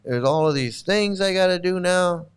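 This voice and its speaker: A man's voice: high-pitched, normal speed, clean tone. A man hosting a casual monologue, talking emphatically and sarcastically and repeating his points. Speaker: host.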